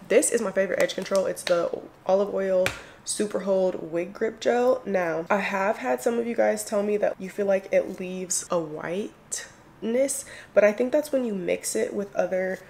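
A woman's voice: medium pitch, normal speed, gravelly, darkish tone. A young woman chatting casually to the camera as a beauty vlogger, loose and slangy, full of "like" and "y'all". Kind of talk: casual get-ready-with-me chat.

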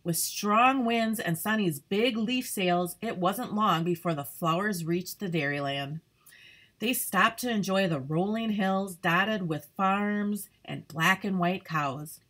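A woman's voice: mid-range voice, takes it slowly, a bit bright. A woman reading a children's storybook aloud carefully to young listeners. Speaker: troop leader reading aloud.

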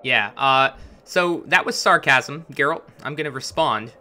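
A measured pace and sharp tone mark this medium-pitched male host. Recovering from a chest cold, he chats wryly through his let's play, his voice laid over the game music.

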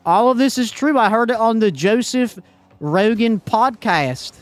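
A man's voice: extremely high pitch, lively intonation, a little slow, voice pushed up. A man putting on the voice of a gullible, alarmed conspiracy theorist, mocking him with exaggerated outrage. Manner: loud, exaggerated mock outrage.

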